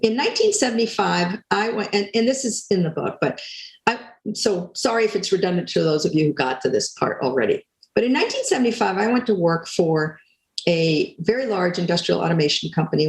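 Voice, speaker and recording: An older woman speaking as a guest, telling a story in a lively way and acting out quoted lines. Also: on the low side, a little fast, reverberant, rough recording. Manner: animated, acts out quotes. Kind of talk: storytelling talk.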